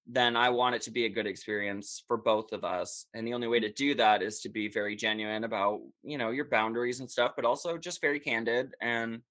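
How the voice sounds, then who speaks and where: A man in his thirties chats as a podcast guest, blunt and full of swearing. His voice is bright and tense, at an ordinary middle pitch. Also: fairly quick, few pauses, no echo. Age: 30s. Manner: candid, profane and animated. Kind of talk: casual interview talk.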